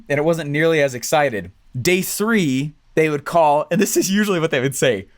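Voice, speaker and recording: A man teaching an online business training, talking fast and animated, often checking in with "right?" and "okay?". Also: a little high. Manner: fast, animated, acts out quoted clients; keeps tagging lines with "right?" and "okay?". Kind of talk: energetic training talk to viewers.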